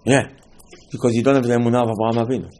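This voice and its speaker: A man's voice: medium pitch, steady tone, very fast, a little mellow. A man giving a Torah class sermon, telling stories and acting out dialogues with rising emphasis. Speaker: rabbi.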